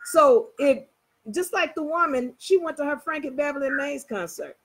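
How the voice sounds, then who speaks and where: A woman teaching in a casual, animated way, telling everyday stories and checking that listeners follow. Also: high voice, moderate pace, poor audio. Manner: animated, storytelling, coaxing listeners. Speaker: spiritual teacher. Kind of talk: casual motivational talk.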